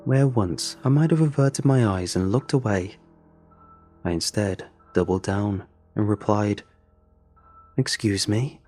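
A man narrates a first-person horror story in a low, dark and husky voice. His telling is measured and brooding, with faint music under it.

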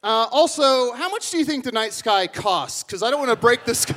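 A goofy, boastful tavern regular rambles in absurd tangents, as a man puts him on. His voice is very high and swoops about in lively turns. He delivers nonsense with a straight face. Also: a little fast. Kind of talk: live improv comedy.

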